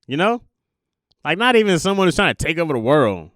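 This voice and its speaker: A young man hosting a podcast, talking through a casual confessional monologue in an animated, jokey way and laughing at himself. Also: a little high, a little fast, no echo, clean studio sound. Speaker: podcast host.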